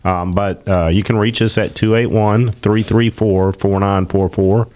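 A man's voice: fairly low pitch, unhurried. Brief: laid-back male dentist guest, easygoing, short answers. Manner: relaxed, brief agreeing replies. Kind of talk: casual on-air chat.

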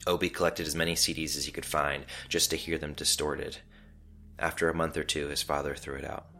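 Very deep male storyteller. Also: level tone, brisk, vocal fry, sharp tone, slight background noise. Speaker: narrator. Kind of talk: scripted story narration.

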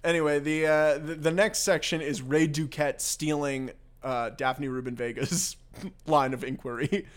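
A man hosts a loose, chatty movie recap with a fairly high voice for a guy. He laughs often and slips in quick impressions of the characters. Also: fairly even intonation. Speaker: podcast co-host. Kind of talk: casual movie recap chat.

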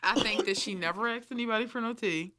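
A woman's voice: medium pitch, fast, bright, forceful tone. A young adult woman co-hosting a casual chat show, candid and gossipy, swearing freely. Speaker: podcast co-host.

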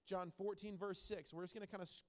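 Animated man preaching a sermon. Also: high-pitched, quick pace. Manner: animated storytelling, repeats phrases for emphasis. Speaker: pastor.

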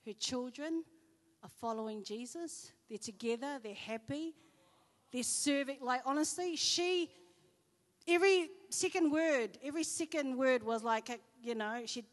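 Woman, church speaker, chatty sermon storytelling, fairly high voice, long hall reverb. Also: unhurried. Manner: chatty, animated storytelling with fillers. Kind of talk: sermon with personal stories.

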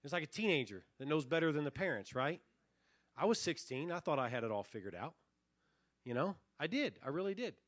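A man preaching a revival sermon as pastor, earnest, sinking almost to a hush and then swelling on key phrases. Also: fairly high pitch, big pitch swings, fairly quick, dry recording, clean studio sound. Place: church revival service.

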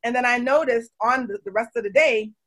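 A woman in her forties hosting a talk show, telling a personal story in a casual, animated way, laughing often and acting out quotes. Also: a little high, brisk, a little hiss or hum.

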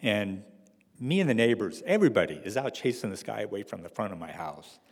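Man, middle-aged, gravelly voice, wry halting storyteller, long hall echo. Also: lowish voice, sing-song, darkish tone. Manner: wry, halting, with frequent restarts and fillers. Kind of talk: personal story told to an audience.

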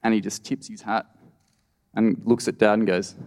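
A man's voice: on the low side, flat delivery, moderate pace, a little mellow. An Australian man telling a true story on stage at a live storytelling event, wry and conversational with lots of "you know". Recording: reverberant live hall.

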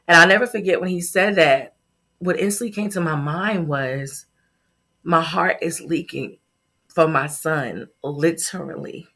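Bright-voiced earnest woman founder. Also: deep voice, measured pace, breathy edge. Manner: earnest, heartfelt storytelling. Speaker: startup founder. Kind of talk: podcast interview, personal story.

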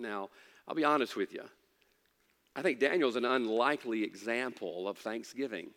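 A man's voice: medium pitch, normal speed, fairly bright tone, long reverb tail. A middle-aged man preaching a sermon, emphatic at times and dropping into folksy storytelling. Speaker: pastor. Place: church.

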